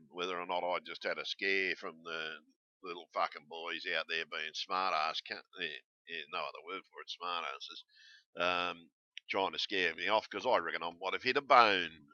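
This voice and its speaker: A man's voice: sits low, normal speed, pushed and bright, no room sound, highs cut off. An Australian man talking in a casual, rambling vlog, blunt and swearing constantly. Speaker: YouTuber.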